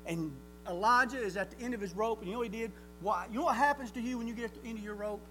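High-voiced preacher, folksy. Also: male voice, very fast, hardly any pauses, slight background noise, poor audio. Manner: folksy, animated storytelling, rises to near shouting. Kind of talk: sermon.

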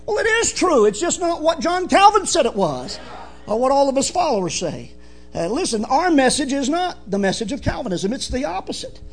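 A man preaching a sermon in a fervent, emphatic way, swinging from soft to loud. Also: very high-pitched, very animated, normal speed, soft background music. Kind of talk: evangelical sermon.

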